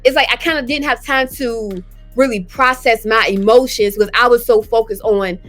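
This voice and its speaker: A woman's voice: on the high side, normal speed, a bit bright, faint music behind. A woman guest in an interview, speaking candidly and conversationally about her own experience, often voicing her past thoughts aloud. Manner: earnest, conversational, drops into quoted thoughts. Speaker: guest, cancer survivor. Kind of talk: candid personal storytelling.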